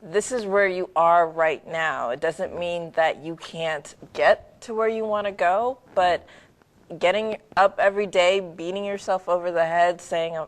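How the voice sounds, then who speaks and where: Low-voiced lady coach giving pep-talk tips, easygoing and encouraging. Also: unhurried. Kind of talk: casual conversational talk.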